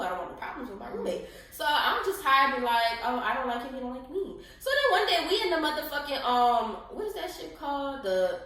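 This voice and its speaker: A young woman co-hosting a podcast, telling a story in casual, profane, animated chat and acting out other people's lines. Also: fairly high pitch. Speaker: podcast co-host. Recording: echoey room.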